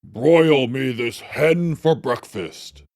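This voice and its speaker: A narrator voicing a huge, fearsome male ogre in a storybook reading for learners, booming and menacing. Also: drawn-out words, a little mellow, no room sound, studio quality. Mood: gruff.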